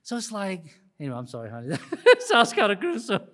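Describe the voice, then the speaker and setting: An older man, a pastor, preaching a sermon with animated bursts, laughing asides and a soft closing prayer. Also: sits high, fast talker. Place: church sanctuary.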